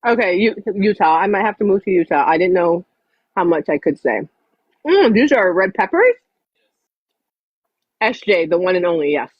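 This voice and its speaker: Woman streamer, casual live chat, swears freely, very animated pitch, muffled audio. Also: normal speed, pauses often, no room sound. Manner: profane, blunt and chatty. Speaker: livestreamer.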